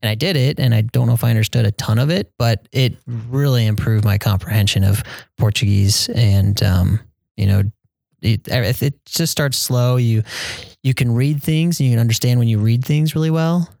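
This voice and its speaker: A young man talking casually as an interview guest about his mission, hesitant, with many pauses and fillers. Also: mid-range voice, vocal fry, dry recording. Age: young adult. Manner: soft-spoken, hesitant with many ums, quotes people in a raised voice.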